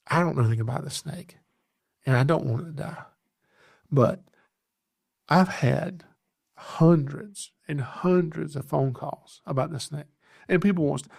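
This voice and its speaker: A man, hosting a podcast and telling a story in a casual, animated way, laughing at himself often. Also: on the high side, creaky. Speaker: podcast host, reptile rescuer.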